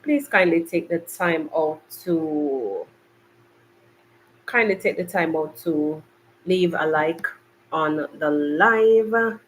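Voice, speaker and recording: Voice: medium pitch, takes it slowly, fairly bright tone, slight background noise, low-quality recording. Chatty podcast host rambling from home. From Jamaica. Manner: chatty, rambling, talks to viewers directly. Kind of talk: casual live-stream chat. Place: makeshift home studio, hot bright room. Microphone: laptop.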